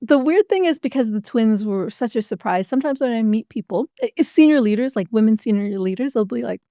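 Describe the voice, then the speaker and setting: Chatty woman with a mellow, dry voice. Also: on the high side, lively intonation, no echo. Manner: chatty, quick, lots of likes and quoted dialogue. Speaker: podcast guest. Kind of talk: casual interview chat.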